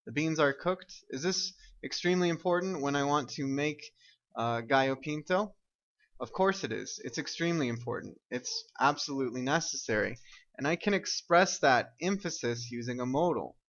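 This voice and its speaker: A man's voice: medium pitch, animated, normal speed, a bit bright, highs cut off. A man teaching an English grammar lesson, explaining step by step and often checking with "right?" and "okay?".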